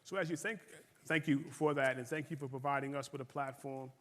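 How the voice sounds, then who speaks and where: Guy hosting a library talk, quick and flat, polite, echoey hall. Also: medium pitch. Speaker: interview host. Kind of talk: community conversation interview. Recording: reverberant hall sound.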